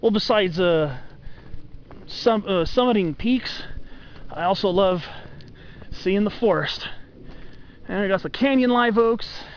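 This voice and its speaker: A man films himself hiking a forested mountain trail, talking to the camera as he walks and gushing enthusiastically about the trees in casual vlog narration. His voice is high and his pace slow, with long pauses. The audio sounds dull, with slight background noise.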